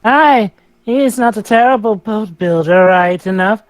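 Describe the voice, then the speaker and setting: A woman's voice: medium pitch, measured pace, dry recording, lightly acted, rough recording. An actress voicing a plain-spoken young Yorkshire woman in game dialogue, blunt with homely dialect.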